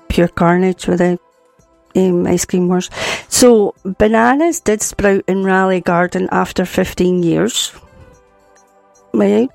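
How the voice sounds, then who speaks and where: A Scottish woman hosts a radio show with a gravelly, croaky voice, talking casually and laughing at her own slips. The studio sound is dry and close, with faint music under her. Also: on the low side, darkish tone, no echo. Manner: chatty, apologetic, laughs at herself. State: croaky voice from hay fever. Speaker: radio presenter.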